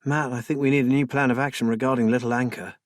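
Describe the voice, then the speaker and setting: A man voicing a calm, caring middle-aged woman in an audiobook, gentle and practical in tone. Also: mid-range voice, fast, no room sound, studio quality, lightly acted. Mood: concerned.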